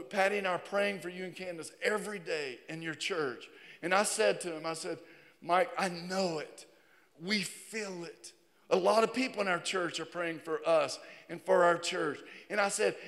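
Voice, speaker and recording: High-voiced fervent preacher man. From Virginia, USA. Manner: fervent preaching, swinging from hushed to loud. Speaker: pastor. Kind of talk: sermon. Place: church sanctuary. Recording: hall reverb.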